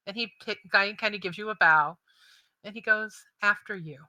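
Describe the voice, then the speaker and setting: A woman narrating a tabletop game as game master, halting, with restarts and sentences that trail off quietly. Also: medium pitch, dry recording, lo-fi sound.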